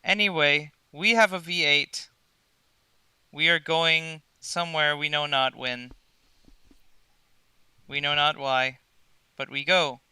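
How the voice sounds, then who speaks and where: A man narrating as game master, asking dry, deadpan questions. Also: on the high side, takes it slowly, long pauses, clean tone, dry recording.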